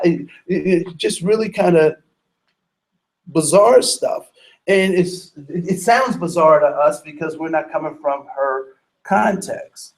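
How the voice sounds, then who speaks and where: A man's voice: high-pitched, a little slow, low-quality recording. A man leading a training workshop, telling stories with acted-out voices and putting questions to the room. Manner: animated storyteller acting out voices, asks the audience questions. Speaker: diversity trainer. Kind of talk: workshop lecture.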